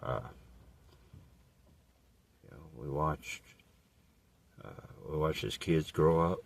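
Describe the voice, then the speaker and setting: A man with a very low, husky voice rambles through an absurd, profane comic monologue. He tells it deadpan and crude, piling one wild turn onto the next. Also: slow pace. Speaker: storyteller. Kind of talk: absurd improvised comedic monologue.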